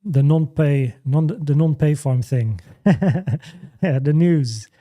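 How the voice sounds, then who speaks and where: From his home, a male livestream host with a fairly high but dark-toned voice chats and answers questions casually. He keeps restarting, repeating words and dropping in fillers, so his delivery comes out halting.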